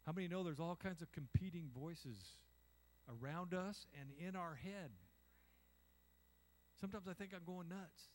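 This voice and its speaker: A man's voice: sits high, unhurried, pauses often. An older man preaching a conversational sermon, acting out little voices and asking the congregation "amen?". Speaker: pastor.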